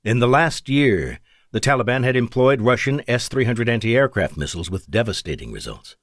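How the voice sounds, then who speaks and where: A man's voice: mid-range voice, lively intonation, moderate pace, dry recording, clean studio sound. Man narrating an audiobook thriller. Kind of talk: scripted narration.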